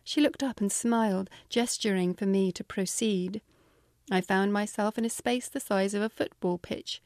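A woman's voice: medium pitch, a little mellow, no echo. A woman with a British accent reading her own memoir aloud with wry, dry humor. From Britain. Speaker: author.

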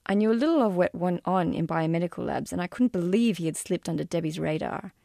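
A woman's voice: fairly low pitch, animated, fast talker, creaky, mellow, no room sound, clean studio sound. A woman reading aloud from her own memoir in a wry, self-deprecating way. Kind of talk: audiobook-style memoir reading.

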